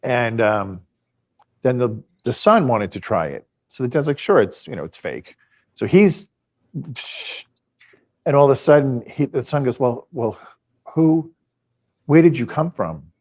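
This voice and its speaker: A man's voice: mid-range voice, expressive, measured pace, pauses often, darkish tone. A man on a podcast, casually retelling stories and acting out the quoted dialogue. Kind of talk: casual storytelling.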